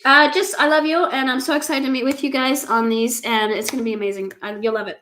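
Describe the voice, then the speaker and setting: A woman's voice: sits high, steady tone, fast talker, sharp tone, a little hiss or hum. Enthusiastic woman from Texas, guest speaker. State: recovering from a respiratory illness.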